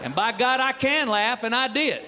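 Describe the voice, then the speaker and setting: A male comedian spins a folksy stand-up story with loose, drawling asides. His voice sits high, and the live recording carries a long hall reverb and audible noise. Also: very animated, moderate pace, a loud crowd.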